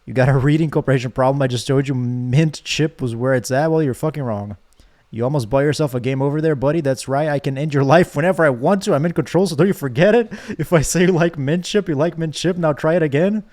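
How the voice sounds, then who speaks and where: A man's voice: a little high, fast, darkish tone, close to an everyday voice. A man voicing a domineering game narrator who threatens the player and insists on being obeyed. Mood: threatening. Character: bossy, menacing game narrator who controls everything. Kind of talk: reading game dialogue aloud.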